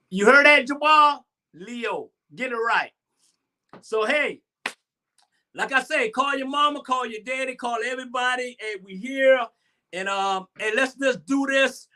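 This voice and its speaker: A man in his sixties from Georgia with a Southern accent, hosting a talk show and chatting in a lively, boastful way. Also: high voice, unhurried. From Savannah, Georgia, US. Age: 60s. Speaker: host. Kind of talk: animated solo talk show monologue.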